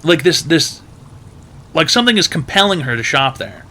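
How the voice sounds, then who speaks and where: A man's voice: on the high side, big pitch swings, moderate pace, bright, forceful tone. A man hosting an advice stream who tells rambling, profane stories packed with "like" and other filler words. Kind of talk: casual storytelling.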